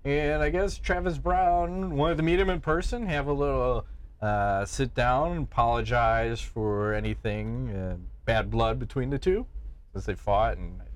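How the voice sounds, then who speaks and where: A man co-hosting a podcast in casual chat, joking and swearing freely in quick asides. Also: mid-range voice. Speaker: podcast co-host.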